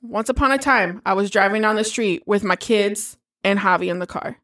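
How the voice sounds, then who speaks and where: A woman in her thirties, telling a story in casual chat, animated and swearing freely. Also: mid-range voice, moderate pace.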